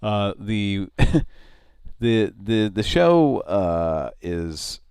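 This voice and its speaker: A man hosting a casual chat show, rambling and halting with frequent laughs, his voice a little nasal. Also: fairly low pitch, sing-song, a little mellow, smooth, dry recording, clean studio sound. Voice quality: nasal tonight. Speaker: show host. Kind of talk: casual radio-style chat.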